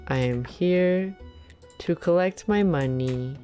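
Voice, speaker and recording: A woman's voice: on the low side, takes it slowly, mellow, faint music behind. A young woman streaming a game, chatting casually, exclaiming and thanking viewers as she plays. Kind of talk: casual live-stream chat while playing.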